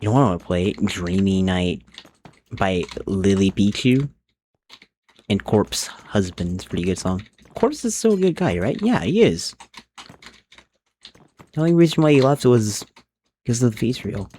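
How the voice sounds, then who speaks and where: A man's voice: on the low side, expressive, moderate pace, long pauses, dark tone, slight background noise. Rambling young man streaming a game. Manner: rambling, thinks aloud, hums tunes. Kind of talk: casual live-stream chat while gaming.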